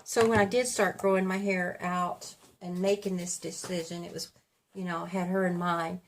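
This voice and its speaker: Speaking at normal speed in a fairly low, level voice, a woman in her fifties chats casually as a beauty vlogger. She's getting ready at home, rambling and correcting herself, with a little hiss or hum in the recording.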